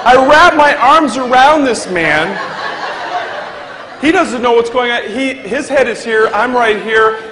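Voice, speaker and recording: A man's voice: very high voice, slow. A young man, a motivational speaker, telling a comic story to a live audience and acting out the people in it. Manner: animated, acts out the people in his story. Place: large hall with a live audience. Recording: echoey hall with crowd laughter and noise.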